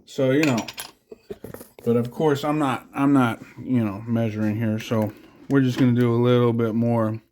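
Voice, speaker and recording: A man's voice: mid-range voice, fairly even intonation, moderate pace, a little mellow, slight background noise. A man chatting casually while cooking at home, rambling and swearing, with joking asides to the camera. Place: home kitchen.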